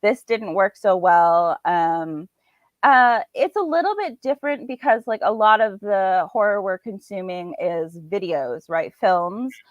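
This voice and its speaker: A woman's voice: medium pitch, lively intonation, measured pace, dry recording. Chatty woman guest, filler-heavy, dry lo-fi recording. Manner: chatty, filler-heavy, acts out her own thoughts. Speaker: indie author and podcast guest. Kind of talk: casual interview chat. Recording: dull, slightly lo-fi dry sound.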